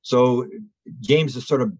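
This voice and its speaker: A man's voice: medium pitch, slow pace, a little mellow, husky. A man, a guest on an interview show, telling long rambling stories and acting out the people he quotes in raised voices. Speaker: interview guest, UFO researcher. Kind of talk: anecdotal storytelling in an interview. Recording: dull lo-fi audio.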